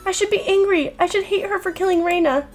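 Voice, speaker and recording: A woman voicing an earnest, emotional teenage schoolgirl heroine in a horror visual novel, in a high, urgent voice. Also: measured pace, soft background music. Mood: tearful.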